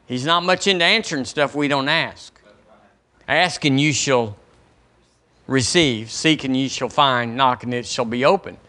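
A man's voice: medium pitch, measured pace, pushed and bright. A man preaching a sermon as pastor of a church, in a folksy, conversational way, acting out questions people ask the Lord. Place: church sanctuary.

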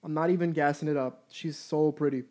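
A man in his twenties telling a story in a casual, candid and profane way, animated as he goes. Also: a little high, fairly quick. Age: 20s.

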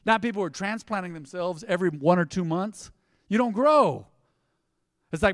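Male pastor, forties, fairly high voice, preaching in a church with long hall reverb, shifts between fervent and soft. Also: animated, normal speed, studio quality. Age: 40s. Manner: swings from emphatic loud to hushed and tender. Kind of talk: sermon. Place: church sanctuary.

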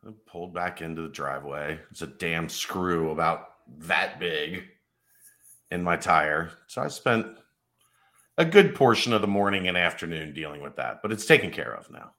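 A man's voice: sits low, expressive, normal speed, sharp tone. A man co-hosting a casual sports podcast, telling stories with a joking manner and laughing often. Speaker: podcast co-host.

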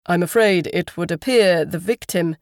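A woman voicing a polite, formal male police constable who speaks in measured official phrases. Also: lowish voice, darkish tone, dry recording, clean studio sound, natural voice.

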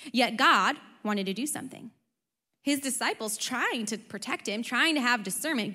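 A young adult woman pastor preaching a sermon, conversational and animated, with frequent rhetorical questions. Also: fairly high pitch. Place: church auditorium. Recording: long reverb of a large hall.

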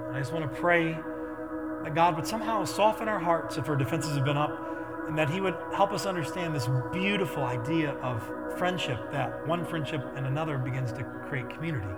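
A man preaching a sermon as pastor, telling stories in an animated way that builds to loud intensity. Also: on the high side, brisk, over loud music.

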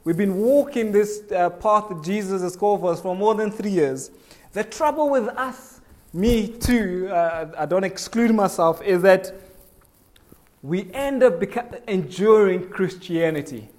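Male preacher with a high voice, conversational sermon that draws in the congregation. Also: expressive, unhurried, darkish tone. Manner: conversational, asks the congregation questions, acts out little voices.

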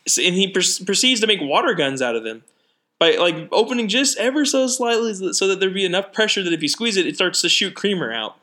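A young man with a bright, lightly raised voice tells a meandering story, full of "like" and restarts. It's loose, casual podcast talk between friends. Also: high voice, sing-song, fast. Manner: rambling storyteller with many fillers and restarts. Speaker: podcast co-host. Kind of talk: casual chat.

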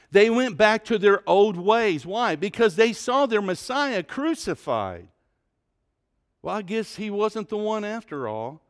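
Male pastor, higher voice, storytelling sermon with dramatic loud and soft swings. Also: smooth.

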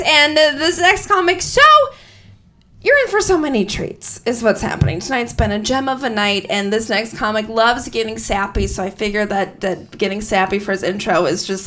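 A woman hosting a comedy show, shouting to hype the crowd and then chatting casually as she introduces the next comic. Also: on the high side, a little hiss or hum. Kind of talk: emcee introduction. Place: comedy club.

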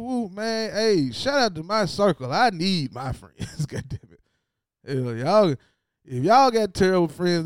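A man's voice: a little high, clean tone, no room sound, studio quality. A man hosting his own podcast, talking in a casual, slangy way and repeating lines for emphasis. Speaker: podcast host. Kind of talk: casual solo podcast monologue.

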